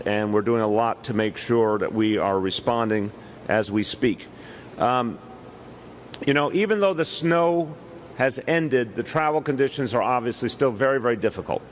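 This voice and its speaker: A middle-aged man with a New York accent giving an official press briefing as mayor, speaking deliberately with frequent "uh" pauses. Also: medium pitch, slight background noise.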